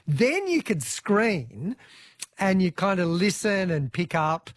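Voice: medium pitch, expressive, normal speed. Chatty Australian radio host. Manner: chatty, laughing, acts out little quoted lines. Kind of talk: talkback radio chat.

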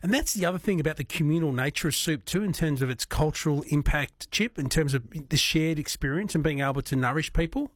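A man's voice: fairly high pitch, no echo, studio quality. A man hosting talkback radio, chatty, reading out listener texts between questions. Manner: chatty, quick asides. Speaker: radio host. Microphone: studio mic, dry.

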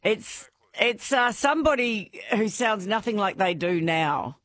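A woman hosts a radio quiz from the studio. She is bubbly and laughs often as she talks to callers. Her pitch sits in the middle of the range. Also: animated, unhurried, a bit bright, dry recording. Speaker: radio host.

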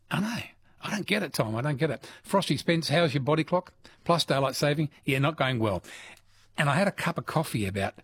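A man with an Australian accent, hosting talkback radio in a chatty, quick manner from a studio mic. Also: a little high, slightly rough. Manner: chatty, quick, laughs often. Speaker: radio host.

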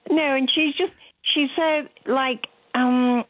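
A woman's voice: fairly high pitch, normal speed, a little hiss or hum. An older woman, calling in to a radio show and telling a rambling, chatty story. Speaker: caller. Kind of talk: phone-in chat. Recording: tinny phone line.

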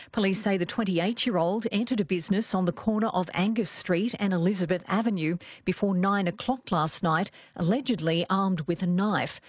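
A woman with an Australian accent reading a radio news bulletin in a crisp, measured way. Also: lowish voice, dry recording, clean studio sound. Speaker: newsreader. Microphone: studio microphone, dry.

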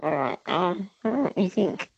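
A woman calling in to a radio quiz, thoughtful and quick to laugh. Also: on the low side, big pitch swings, gravelly, darkish tone, slightly rough, no room sound, lo-fi sound. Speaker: quiz caller.

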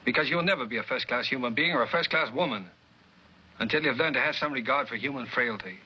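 An actor with a Mid-Atlantic accent, playing a stern man lecturing a proud woman in a 1940s Hollywood film, speaking in a clipped, measured way. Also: medium pitch, a little hiss or hum, close to an everyday voice. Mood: reproachful. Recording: dull vintage film soundtrack.

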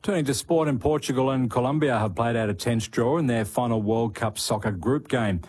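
A man reading radio news bulletins in a measured scripted way. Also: mid-range voice, a little mellow, husky. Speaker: news presenter.

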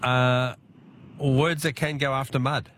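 A man's voice: mid-range voice, little pitch movement, slow pace, fairly bright tone, a little hiss or hum. A man with an Australian accent hosting a radio quiz, chatting casually and laughing easily with callers. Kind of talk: casual talkback radio chat.

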